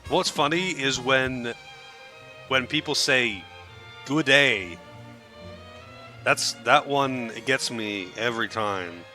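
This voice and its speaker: A young man with an Australian accent, talking through his game in a loose, rambling way and swearing freely. His voice has a bright, forward edge, with faint game music underneath. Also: medium pitch, takes it slowly. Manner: chatty, rambling, swears casually. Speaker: streamer. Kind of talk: casual gameplay commentary.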